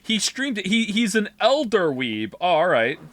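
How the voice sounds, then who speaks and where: A male game streamer chatting to his viewers between play. His voice sits high and jumps around animatedly. He rambles, swears freely and reacts with incredulous disbelief. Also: very animated, moderate pace, a bit bright, no echo. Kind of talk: live game stream chat.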